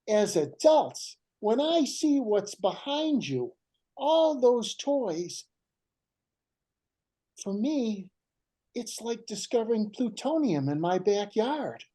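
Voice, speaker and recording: Older male guest with a mellow voice and a lively delivery, telling heartfelt stories. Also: sits high, low-quality recording. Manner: animated and emotional, slows down for emphasis. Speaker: guest writer. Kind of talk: heartfelt storytelling.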